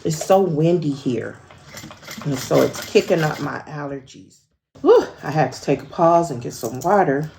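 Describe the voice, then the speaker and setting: A woman hosting a sewing tutorial, narrating each step in a relaxed, thinking-aloud way with frequent fillers. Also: low-pitched, moderate pace, gravelly, noisy background.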